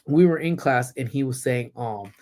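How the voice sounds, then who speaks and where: A Southern California man hosts a casual livestream chat from his parked car, speaking at normal speed in a mid-range, darkish voice. He tells stories with lots of ums and gets blunt and profane when annoyed.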